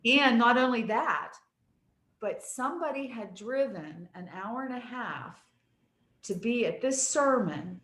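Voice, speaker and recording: A woman's voice: fairly high pitch, expressive, measured pace, fairly bright tone. Earnest woman sharing stories, echoey room. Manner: earnest, reflective storyteller. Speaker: guest. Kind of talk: casual conversation.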